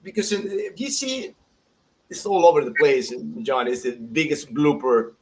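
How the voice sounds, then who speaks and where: A man, chatting casually as a soccer pundit, animated and laughing as he acts out quotes. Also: a little high, moderate pace, rough recording. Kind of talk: casual podcast chat.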